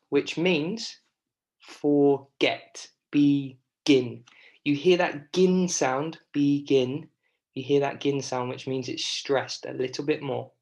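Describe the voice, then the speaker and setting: A man's voice: medium pitch, vocal fry. A male primary school teacher giving a recorded spelling lesson, patient and encouraging, stretching out syllables and checking in with the children. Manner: slow, patient, stretching out syllables to demonstrate stress.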